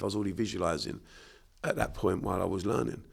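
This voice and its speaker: Sweary South London guest, rapid delivery, very gravelly, lowish voice, blunt and emphatic. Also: male voice, steady tone. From Bermondsey, London. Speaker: podcast guest, unconscious mind therapist. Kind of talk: casual podcast interview.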